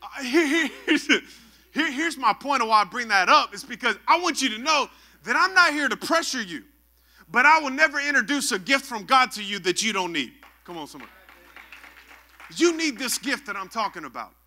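A young man preaching a lively sermon as pastor, calling out to the congregation for responses. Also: very high voice, fairly quick.

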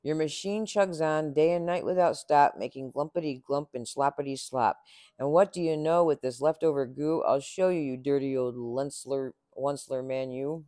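The Lorax, a man doing a high, snappish forest creature. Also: moderate pace, warm tone, no echo, clean studio sound, lightly acted. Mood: indignant. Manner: snappish and scolding, sniffling. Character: grumpy small forest creature, scolding. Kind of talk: storybook read-aloud.

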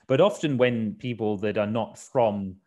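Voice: mid-range voice, a little slow, a little mellow. A podcast host chatting casually, encouraging the guest with frequent short agreements. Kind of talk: casual interview chat.

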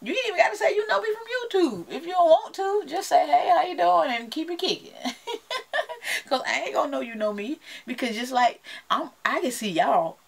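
A woman's voice: high-pitched, sing-song, moderate pace, vocal fry. Chatty Southern woman vlogger. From United States. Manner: chatty and playful, laughs often, talks straight to viewers. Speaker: beauty vlogger. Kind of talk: casual chat to camera.

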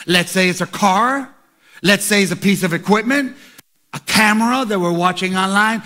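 A pastor preaching a sermon, moving from quiet asides to shouted calls to the congregation. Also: male voice, high-pitched, moderate pace.

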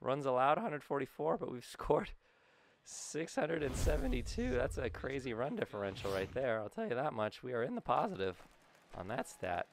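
Excitable young man calling his own game. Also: mid-range voice, normal speed, a little hiss or hum. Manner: excitable, self-deprecating, talks to himself and his player. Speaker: gaming YouTuber. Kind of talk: casual gameplay commentary.

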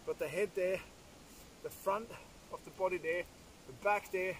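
A man's voice: sits high, fairly even intonation, normal speed, long pauses, a little hiss or hum. A man, talking casually to camera on a hunting vlog outdoors in wet bush, swearing now and then. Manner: casual, swears, talks to viewers as guys. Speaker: hunting vlogger.

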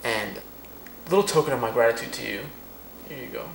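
A young man hosts a casual home vlog with a mid-pitched voice. He speaks softly and haltingly. The room sounds echoey. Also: lively intonation, vocal fry, a little hiss or hum. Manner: soft-spoken, halting. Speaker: vlogger, boyfriend.

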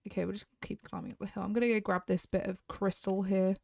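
British woman gamer, casual chatty commentary, close dry sound, mid-pitched. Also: level tone, fast, gravelly, dark tone, dry recording. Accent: British English. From Britain. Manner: chatty, talks straight to viewers. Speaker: gaming YouTuber.

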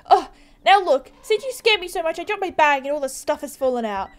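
Mandy, a woman doing a shrill snooty teen. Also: expressive, fairly quick. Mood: startled. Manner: defensive, shrill and boastful. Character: snooty, jumpy new teen girl at a stable. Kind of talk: reading game dialogue aloud.

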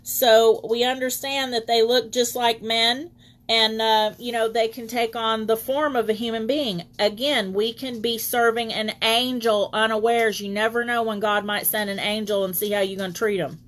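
A woman's voice: a little high, steady tone, normal speed, a bit bright. Woman preaching Bible study online. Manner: reads scripture aloud, greets online viewers by name.

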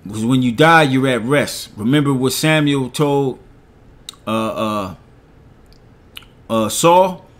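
A middle-aged man, preaching and reading scripture slowly, often asking "all right?" after each point. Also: mid-range voice, lively intonation. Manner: reads verses slowly, asks "all right?" after nearly every point.

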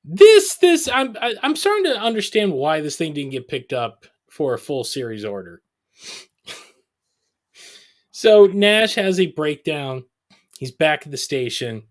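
A podcast host, a man, recaps a bad movie in casual, sarcastic chat. His voice sits a little high, and his intonation swings widely as he tells the story. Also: huge pitch swings, normal speed.

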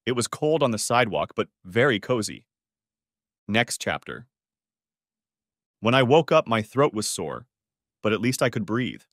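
A man's voice: medium pitch, big pitch swings, normal speed, dry recording, clean studio sound. A man narrating a first-person story as an audiobook, reading it dramatically.

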